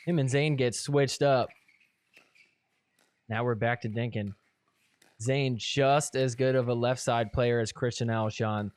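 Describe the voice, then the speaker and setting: A man's voice: medium pitch, fairly even intonation, a little slow, long pauses, clean tone, dry recording. A man hosting a podcast, giving a casual, teasing play-by-play recap of match footage and laughing often. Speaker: podcast host.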